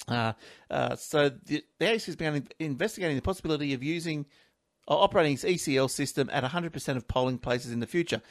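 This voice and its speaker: Man, rambling casual host, fairly high voice, dry sound. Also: fast talker, no echo. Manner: rambling, chatty, laughs often. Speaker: podcast host. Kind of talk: casual chat.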